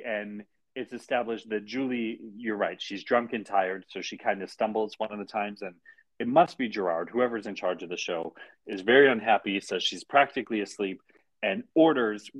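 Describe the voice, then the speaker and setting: A man co-hosts a podcast, retelling a TV episode with dry, wry asides in a relaxed, conversational way. His voice sits fairly low for a man. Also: poor audio. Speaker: podcast co-host. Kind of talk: casual chat recapping a TV episode.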